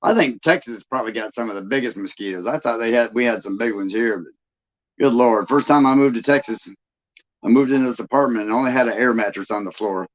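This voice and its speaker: A man from Michigan hosts a casual live stream, rambling in a folksy way and laughing often. His voice sits in a middle pitch. The sound is dull and lo-fi. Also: fast. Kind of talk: casual chat with viewers.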